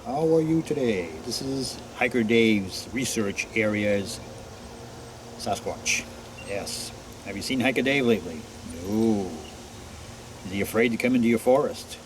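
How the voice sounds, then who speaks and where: A man vlogging outdoors in a forest, greeting unseen listeners one by one and answering for them in a quieter voice. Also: lowish voice, measured pace, background noise. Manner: greets each name, then answers himself in a quieter voice. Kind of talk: casual talk to unseen listeners.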